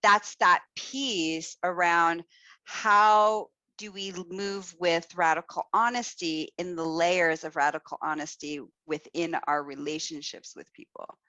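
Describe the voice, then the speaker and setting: A woman hosting a casual talk, speaking in an animated, expressive and blunt way. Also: on the low side, slow pace, dry recording, highs cut off. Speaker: podcast host. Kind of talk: casual chat.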